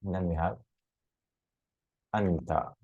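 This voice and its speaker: A man's voice: low voice, slow, gravelly, darkish tone, husky, dry recording, dull audio. A man teaching Arabic grammar in a recorded lesson, patiently repeating words and checking in with "hmm?" and "right?".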